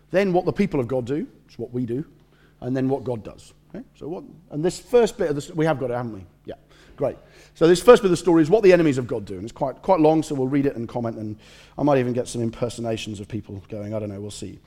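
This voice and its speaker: A man preaching a lively, conversational sermon with humor, reading scripture aloud and commenting as he goes. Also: mid-range voice, fast.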